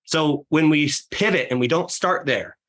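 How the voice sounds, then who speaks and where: A man guest on a podcast, talking fast and with energy about leading a sales team, often acting out how clients talk. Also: a little high, a bit bright. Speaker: real estate team leader guest.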